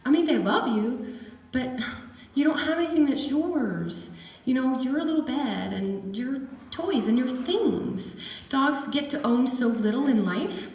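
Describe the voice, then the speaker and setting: A woman giving a lively, chatty seminar talk on dog behavior to a live audience. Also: high voice, measured pace, far from the mic, dull audio. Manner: animated and chatty, acts out dog voices. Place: seminar hall. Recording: echoey room with faint ambience.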